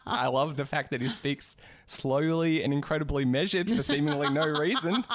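A man's voice: a little high, moderate pace, no echo, studio quality. Joking man co-hosting a casual chat. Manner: joking, self-deprecating storyteller. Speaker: podcast co-host.

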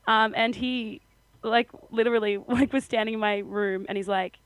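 A woman's voice: on the high side, steady tone, moderate pace, clean tone, no room sound, poor audio. Chatty young Australian woman, laughing storyteller. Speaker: podcast co-host. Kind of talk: casual chat.

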